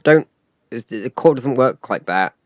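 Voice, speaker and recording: A man's voice: mid-range voice, lively intonation, a little slow, no room sound, muffled recording. A man co-hosting a casual podcast chat, explaining things and correcting his co-host.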